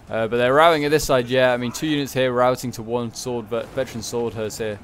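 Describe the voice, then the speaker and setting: A man's voice: mid-range voice, fairly even intonation, fast talker, hardly any pauses, slight background noise. A man giving casual, chatty commentary over a strategy game battle, rambling and correcting himself as he goes. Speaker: gaming video creator.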